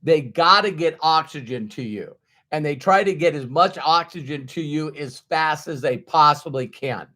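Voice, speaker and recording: A man giving a motivational talk to an audience, acting out everyday inner voices in an animated way. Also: fairly high pitch, normal speed. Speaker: motivational speaker.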